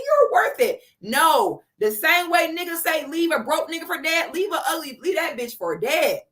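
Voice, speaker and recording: A woman's voice: high voice, pushed and bright. A woman in her thirties giving blunt, profane, sarcastic commentary on a live stream. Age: 30s.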